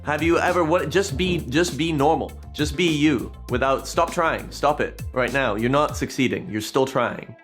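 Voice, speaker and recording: A man's voice: mid-range voice, moderate pace, hardly any pauses, a bit bright, faint music behind. A man explaining his project in a casual chat, thoughtful and earnest. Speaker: game developer.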